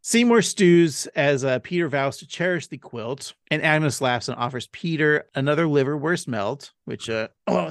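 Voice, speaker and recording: Podcast co-host, male, gravelly and rambling, recorded dry. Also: fairly high pitch, lively intonation, moderate pace, few pauses, no room sound. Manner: rambling, laughs often. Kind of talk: casual chat and episode recap.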